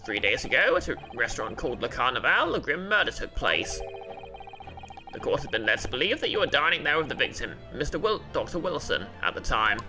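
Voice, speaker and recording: A woman's voice: very deep voice, big pitch swings, brisk, exaggerated voice. A woman voicing a stern elderly male judge in a game, speaking solemnly and formally over game music.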